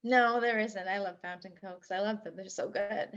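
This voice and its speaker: Bright-voiced co-host woman, dull lo-fi sound. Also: medium pitch, steady tone, normal speed. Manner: chatty, short agreeing replies. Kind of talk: casual chat.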